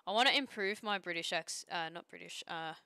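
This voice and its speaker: A woman's voice: lowish voice, a little fast, pushed and bright, dry recording, studio quality. A young woman chatting casually as a streamer while she draws pixel art, joking around and trailing off into restarts.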